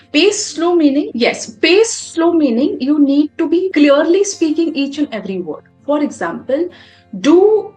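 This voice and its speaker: A woman, a public speaking coach giving animated, emphatic advice in a podcast interview. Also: high-pitched. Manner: animated, emphatic, demonstrates voice modulation.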